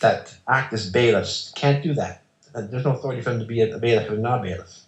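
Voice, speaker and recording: A man's voice: mid-range voice, fast. Guy telling his story real insistent, acts out the back and forth, kinda echoey room. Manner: emphatic, insistent storyteller who acts out exchanges. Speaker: interview guest. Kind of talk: telling a personal story in conversation. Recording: roomy echo.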